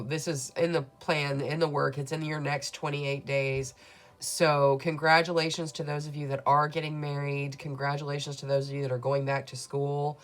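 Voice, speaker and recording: A woman reading tarot cards for her viewers in a soothing, affirming way. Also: low voice. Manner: soothing, affirming, speaks to viewers as "beautiful souls". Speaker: tarot reader.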